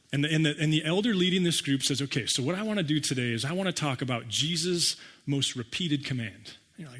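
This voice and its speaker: A pastor preaching a conversational sermon, acting out listeners' reactions with wry humor. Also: male voice, medium pitch, a bit bright, long reverb tail. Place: church sanctuary.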